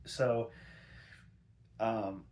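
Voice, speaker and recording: A man's voice: lowish voice, fairly even intonation, very slow, a little mellow, a little hiss or hum. A man casually recapping an old movie, rambling with lots of fillers and swearing. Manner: rambling, filler-heavy, profane. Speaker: host recapping a film. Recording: roomy echo.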